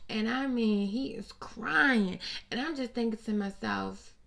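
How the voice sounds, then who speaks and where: Gravelly, blunt woman dishing gossip. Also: on the high side, a little slow. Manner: blunt, profane, animated and sassy. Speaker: host. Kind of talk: casual celebrity gossip commentary.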